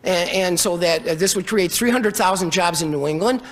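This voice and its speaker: Brief: male political candidate, high voice, rambling and eccentric, digressive showman delivery. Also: normal speed. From United States. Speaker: presidential candidate. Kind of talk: rambling campaign speech.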